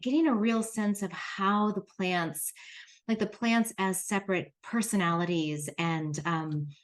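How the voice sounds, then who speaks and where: Woman herbalist host, mid-pitched, friendly and explanatory, casual teaching tone. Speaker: clinical herbalist and podcast host. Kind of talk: casual spoken herbal lesson.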